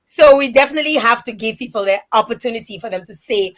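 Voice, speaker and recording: A woman from Dominica hosting a live online interview, chatting warmly and reading viewer comments aloud with lively emphasis. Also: a little high, quick pace. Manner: animated and emphatic, many restarts. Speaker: host.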